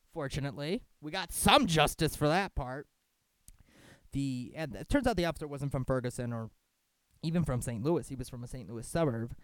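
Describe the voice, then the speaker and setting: A man talking in casual commentary, halting with many restarts and self-corrections, then animated and sarcastic when he acts out what others said. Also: fairly high pitch, smooth, no echo.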